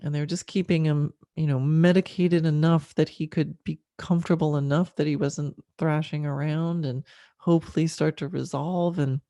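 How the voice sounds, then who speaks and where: A middle-aged woman hosting a podcast, telling a personal story candidly and emotionally, with frequent fillers and soft laughs. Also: sits low, fairly even intonation, moderate pace, dry recording, studio quality. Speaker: podcast host.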